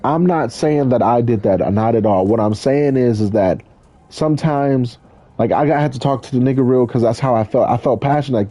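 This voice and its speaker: Blunt, profane man from California, casual storyteller; husky, mellow tone. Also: mid-range voice, fairly quick, dry recording, highs cut off. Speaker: drift driver and streamer. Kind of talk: casual storytelling while gaming.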